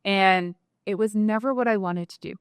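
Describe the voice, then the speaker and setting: An animated woman talks as an interview guest, her mid-pitched voice quick and full of "like" fillers. The sound is dry and close, with no room echo. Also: clear, resonant tone. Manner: animated, talkative, many "like" fillers. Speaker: guest entrepreneur. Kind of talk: casual interview talk.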